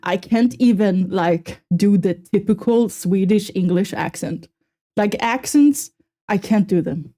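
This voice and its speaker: Mellow-voiced young woman streamer, chatty. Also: mid-range voice. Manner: chatty, self-mocking, quick exclamations. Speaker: streamer reacting to a video. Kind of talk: casual live-stream chat.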